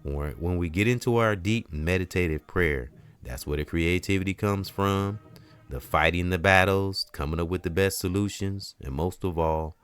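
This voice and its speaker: Deep-voiced man preaching loose spiritual talk. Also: normal speed, fairly bright tone, smooth. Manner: preachy, loose and repetitive, many "you know"s. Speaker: host.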